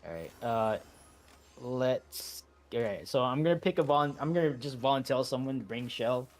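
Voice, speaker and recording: Man, mid-pitched, raid leader, casual voice chat, halting, lots of fillers, headset mic. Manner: relaxed, halting, many fillers and restarts.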